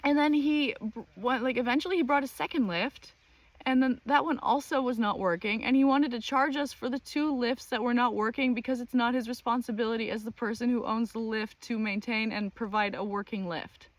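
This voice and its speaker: A woman hosting her own channel, telling a personal story in a casual, animated and exasperated way, with many fillers. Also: on the high side, brisk, no room sound. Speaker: channel host.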